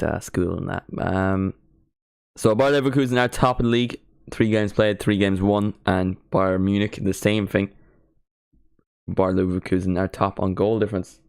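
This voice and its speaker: A man's voice: low-pitched, gravelly, darkish tone, smooth, no echo, studio quality. A teenage man from Ireland with an Irish accent, chatting casually and self-mockingly while hosting a football watchalong stream. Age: teens. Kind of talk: casual live-stream chat.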